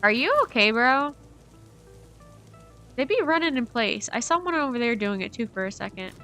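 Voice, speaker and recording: A woman's voice: fairly high pitch, animated, normal speed, bright, forceful tone, faint music behind. A young woman with a light Southern American accent, chatting casually and rambling to her chat while she plays a game. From Southern United States. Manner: chatty, rambling, giggly, talks to herself while playing. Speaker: game streamer.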